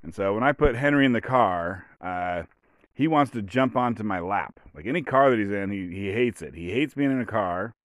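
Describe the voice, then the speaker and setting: A man's voice: fairly low pitch, lively intonation, moderate pace, no echo. A man in his late forties, a podcast host telling a long, meandering story in casual, profane chat, full of fillers and restarts. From Oregon, USA. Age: 40s. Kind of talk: rambling casual monologue.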